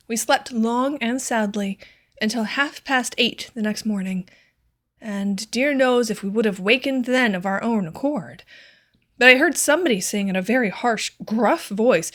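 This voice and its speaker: A woman narrating a classic short story as an audiobook reader, in a measured, clear storytelling manner. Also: a little high, a bit bright. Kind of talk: scripted narration.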